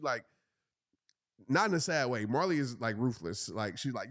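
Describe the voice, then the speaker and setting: A man, telling a story in a casual, animated way and jumping into high voices for the people he quotes. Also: fast, dry recording, studio quality. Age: 30s. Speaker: host.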